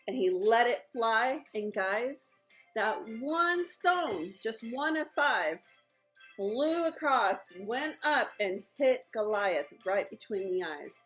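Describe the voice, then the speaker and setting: A woman's voice: fairly high pitch, low-quality recording. Chatty woman telling kids a Bible story. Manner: lively, chatty, acts out characters' lines. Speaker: children's ministry teacher. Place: at home.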